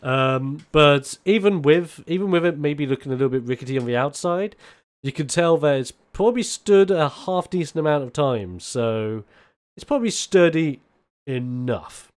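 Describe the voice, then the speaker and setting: A man's voice: on the high side, lively intonation, normal speed. Rambling man narrating a game. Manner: rambling, filler-heavy narration. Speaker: game master.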